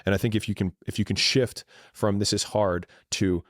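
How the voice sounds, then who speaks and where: A man's voice: lowish voice, fairly even intonation, moderate pace, no room sound, clean studio sound. A man in casual conversation, reflective and loose-tongued.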